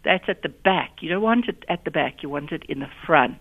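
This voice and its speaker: A woman's voice: sits low, lively intonation, a little fast. South African woman teaching over the phone. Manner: instructive, demonstrates exercises. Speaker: communication skills guest. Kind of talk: explanatory phone interview. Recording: narrow telephone line.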